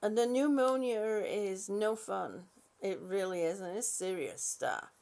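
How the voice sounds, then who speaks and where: This older host has a mid-range voice with lively intonation and vocal fry, and she takes things slowly. She chats warmly on her live stream as she reads comments, frequently stopping to say "um" or begin again.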